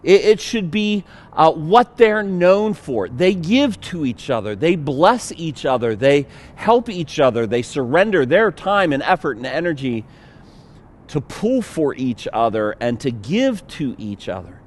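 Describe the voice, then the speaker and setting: A man with a Pittsburgh accent preaches a sermon in a relaxed, conversational way. He jokes easily and uses filler words. He talks slowly and takes his time. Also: fairly high pitch. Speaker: pastor.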